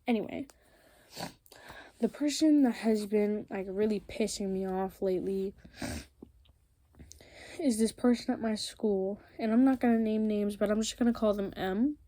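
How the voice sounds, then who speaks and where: A woman's voice: mid-range voice, measured pace, long pauses, mellow. A teenage girl chatting casually about a friend drama while crafting, rambling with lots of ums and likes. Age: teens. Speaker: vlogger.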